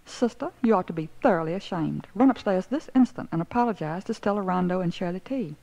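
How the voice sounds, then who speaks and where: Woman reading a prim, indignant mother; low, gravelly, dark tone. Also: animated, quick pace. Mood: shrill. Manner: scolding, prim. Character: stout bossy Southern mother, indignant. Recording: dull lo-fi recording.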